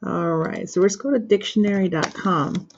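A woman teaching a pronunciation lesson to an imagined class, pausing for their answers and using plenty of fillers like "uh" and "um". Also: lowish voice, vocal fry, husky. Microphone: screen recorder with built-in microphone. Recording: dull lo-fi screen recording.

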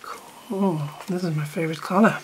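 A woman's voice: fairly low pitch, fairly even intonation, moderate pace. A woman chatting casually while unboxing art supplies, rambling and often trailing off mid-sentence. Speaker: art teacher. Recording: noticeable background noise.

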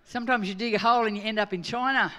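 A middle-aged Australian woman preaching a sermon, joking and swinging from quiet asides to loud emphasis. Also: on the high side, steady tone, rapid-fire. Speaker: pastor.

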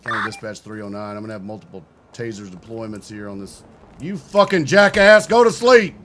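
A man's voice: fairly low pitch, animated, a little fast, background noise. A man streaming a game as a state trooper, barking profane drill-sergeant insults without letup.

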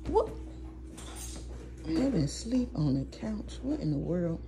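A woman's voice: lowish voice, very animated, slow. Playful woman vlogging at home. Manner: playful teasing, chanting hype. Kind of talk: casual family vlog. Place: home indoors. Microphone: handheld phone. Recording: noisy home phone recording.

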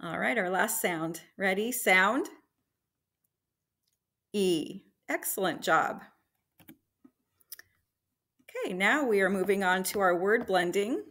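A woman teacher leading a slow, encouraging phonics lesson for young children, sounding out letters and blending words. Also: medium pitch, animated, a bit bright.

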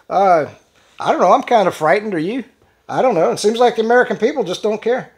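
A man's voice: sits high, expressive. Sarcastic man reading posts aloud. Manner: sarcastic, conversational asides; halting, restarts words while reading. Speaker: channel host. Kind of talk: solo commentary reading out social media posts.

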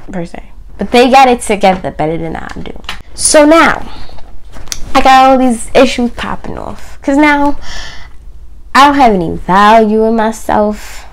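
A woman talking openly to camera about her faith, with emphatic phrasing that keeps dropping to a near whisper. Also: fairly high pitch. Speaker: video host. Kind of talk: personal faith talk to camera.

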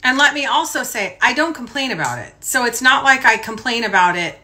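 A lifestyle blogger in her forties chats casually with her followers, talking fairly quickly in a fairly high voice. She rambles and pokes fun at herself, telling stories animatedly and slipping into mock voices for her own asides.

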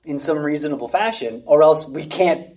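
A man in casual conversation about theatre, thoughtful and measured, searching for the right words. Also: a little high, a little mellow. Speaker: theatre actor and director.

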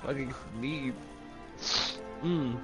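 A man's voice: mid-range voice, extremely slow. A man chatting casually with a friend during a game, ranting with lots of swearing and laughter, with faint music behind. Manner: profane, animated, laughs a lot. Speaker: friend on voice chat. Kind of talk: casual gaming chat.

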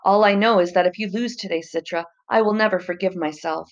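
A woman's voice: lowish voice, fairly quick, dull audio, lightly acted. A woman voicing an older woman mentor scythe in an audiobook, earnest and anxious.

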